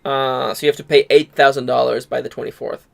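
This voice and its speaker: A man co-hosting a let's play, chatting casually in a relaxed, offhand way. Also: mid-range voice, fairly quick, vocal fry. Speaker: gaming channel co-host.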